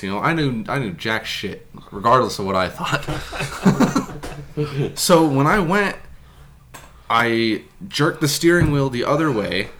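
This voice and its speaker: A young man spins a story for his podcast co-hosts, chuckling between lines and cursing without a second thought. His voice sits at an everyday middle pitch. Faint noise hums under the recording. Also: a bit bright. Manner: laughing storyteller, swears freely. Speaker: podcast host telling a story. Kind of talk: casual chat.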